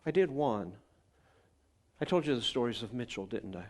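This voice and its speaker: A man's voice: mid-range voice, expressive, normal speed, darkish tone. A male pastor, telling stories in a chatty sermon and asking his congregation questions. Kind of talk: conversational sermon storytelling. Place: church gathering.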